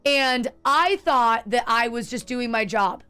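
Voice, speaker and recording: A woman's voice: on the high side, takes it slowly, bright, forceful tone, clean tone, soft background music. A young adult woman streaming a game, chatting candidly with viewers in a rambling way, restarting sentences and swearing freely. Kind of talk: casual chat while gaming.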